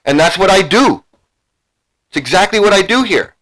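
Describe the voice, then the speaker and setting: A man's voice: sits high, sing-song, normal speed, fairly bright tone, poor audio. A man ranting as a YouTube commentator, heated and profane, repeating himself as he confronts viewers. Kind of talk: angry rant to a live chat.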